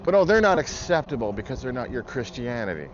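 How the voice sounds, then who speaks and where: A man vlogs a heated political rant, bluntly swearing throughout. His medium-pitched voice is quick and sing-song, and the muffled recording carries loud traffic noise.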